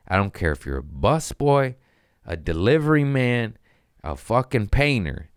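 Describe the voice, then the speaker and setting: A man's voice: deep voice, a little slow, smooth, no echo, clean studio sound. A man hosting a comedy podcast, ranting profanely and acting out voices in a casual comedic style. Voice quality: profane, animated, acts out voices.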